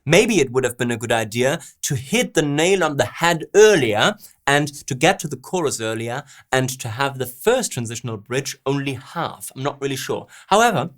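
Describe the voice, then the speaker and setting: A man teaching songwriting in a lively, swooping voice that climbs and dips a lot while he explains. He sits at a middle pitch and sounds out syllable rhythms and stresses as he goes. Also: moderate pace. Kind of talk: song analysis lesson.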